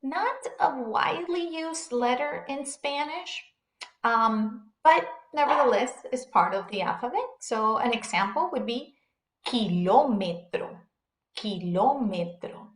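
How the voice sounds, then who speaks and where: A woman teaching a beginner language lesson, pronouncing syllables one by one with slow, careful enunciation. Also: fairly high pitch, lively intonation, echoey room. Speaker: Spanish teacher.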